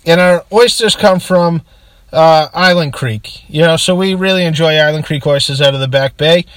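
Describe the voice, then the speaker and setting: A man's voice: fairly high pitch, moderate pace, a bit bright, no room sound. A man from Massachusetts with a Boston accent, co-hosting a casual beer podcast and reading sponsor segments. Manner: chatty, reads ad segments. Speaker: podcast co-host. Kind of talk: casual chat.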